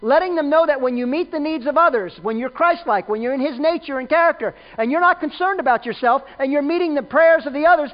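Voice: high voice, animated, brisk. A preacher giving a sermon, emphatic, repeating key lines and quizzing the listeners, in a dull lo-fi recording.

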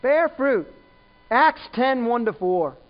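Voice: mid-range voice, very animated, slow pace. A preacher giving a sermon, emphatic, repeating key lines and quizzing the listeners, in a dull lo-fi recording.

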